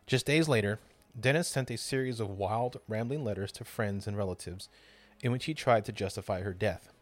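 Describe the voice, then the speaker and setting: A man's voice: lowish voice, moderate pace, dry recording, soft background music. A man hosting a podcast, narrating a true crime story with drama and casual swearing. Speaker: podcast host.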